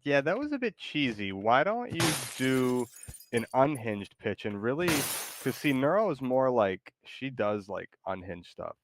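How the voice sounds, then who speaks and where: A man's voice: mid-range voice, big pitch swings, a little slow, background noise. A man streaming a battle royale game, chatting loosely and rambling with plenty of likes and ums. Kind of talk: casual stream chat.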